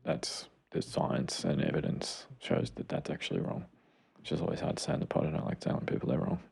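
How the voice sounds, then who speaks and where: A man with an unusually deep, gravelly voice, talking in an earnest, rambling way. His tone is dark and mellow, and he corrects himself mid-sentence as he explains things on a podcast. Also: brisk. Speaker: podcast co-host, child clinician. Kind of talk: casual explanatory chat.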